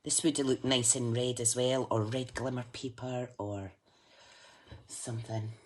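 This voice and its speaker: A woman's voice: extremely low pitch, fairly even intonation, a little slow, darkish tone. A Scottish woman chatting casually to live viewers as she demonstrates a craft project, joking at her own expense as she works. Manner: chatty, self-mocking, talks to viewers while working.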